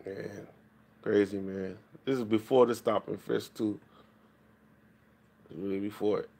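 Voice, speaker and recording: A man's voice: lowish voice, fairly even intonation, unhurried, gravelly, mellow. A man ranting profanely to his chat on a late-night livestream. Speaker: live streamer. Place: home, at night.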